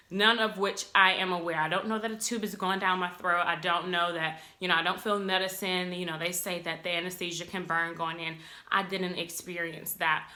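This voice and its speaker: Bright-voiced chatty young woman. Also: fairly low pitch. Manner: chatty, animated retelling with acted-out quotes. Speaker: vlogger. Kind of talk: casual storytelling to camera.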